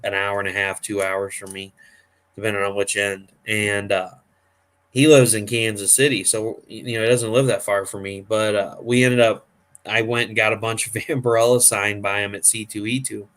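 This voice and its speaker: A man's voice: on the low side, flat delivery, normal speed, a bit bright. A man hosting a casual chat, telling long rambling convention stories full of fillers. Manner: rambling storyteller, acts out quoted voices. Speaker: host.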